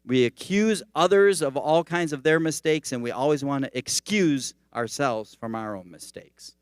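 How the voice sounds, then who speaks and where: A man's voice: a little high, moderate pace, clear, resonant tone, dry recording, studio quality. A male teaching pastor giving a sermon in a conversational, storytelling manner. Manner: conversational, animated storytelling preaching.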